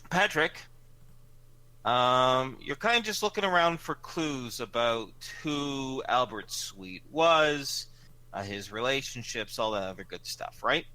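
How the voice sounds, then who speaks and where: A man narrating a tabletop game as game master over an online call. He is chatty and laughs easily, with a bright, forward tone and a dry, close sound. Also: mid-range voice, expressive, takes it slowly, dry recording, rough recording.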